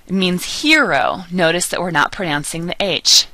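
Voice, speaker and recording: A woman's voice: fairly low pitch, normal speed, few pauses, pushed and bright, dry recording, poor audio. A woman teaching a recorded pronunciation lesson, patiently drawing out and repeating each model word. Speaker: Spanish teacher.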